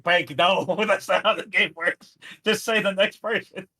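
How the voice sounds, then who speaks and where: A man's voice: sits high, steady tone, unhurried, sharp tone. A man co-hosting a reaction video over a call, chatting casually and laughing easily. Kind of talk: casual chat.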